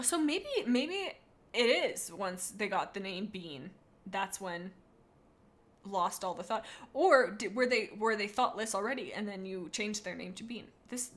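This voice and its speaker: A woman's voice: medium pitch, a bit bright. A woman chatting on a live stream, rating viewers' cats, reading chat aloud in a bubbly, rambling, playful way.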